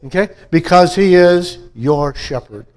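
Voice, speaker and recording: A man's voice: high voice, animated, a little slow, a little mellow, smooth. A pastor from upstate New York delivering a conversational sermon to his church, often checking in with the congregation by asking "okay?" and "amen?".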